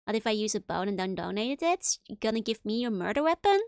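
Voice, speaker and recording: A woman's voice: medium pitch, very animated, fast, a little mellow, dry recording. A woman streamer giving casual, chatty game commentary into a close microphone, with frequent little giggles.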